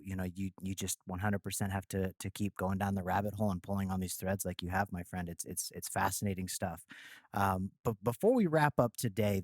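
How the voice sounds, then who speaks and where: A man's voice: on the low side, no room sound, clean studio sound. A man co-hosting an interview show, upbeat and chatty, often repeating words as he goes. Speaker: podcast co-host. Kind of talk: casual interview chat.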